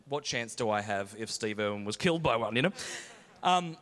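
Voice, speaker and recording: A man with an Australian accent giving a talk, telling humorous stories in an animated, jokey way with Australian slang. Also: mid-range voice, quick pace. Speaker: conference speaker. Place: large conference hall. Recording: echoey large hall.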